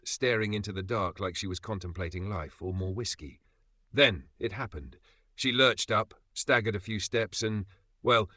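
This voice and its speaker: A man reading a story as a sarcastic cat in a dry, deadpan way. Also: on the low side, no room sound. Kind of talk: scripted narration as a sarcastic cat.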